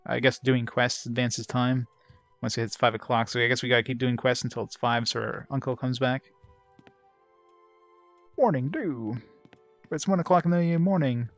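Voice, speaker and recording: A man's voice: mid-range voice, moderate pace, pauses often, faint music behind. A man hosting a let's play, giving casual, rambling and wry gameplay commentary. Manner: rambling, wry, filler-heavy.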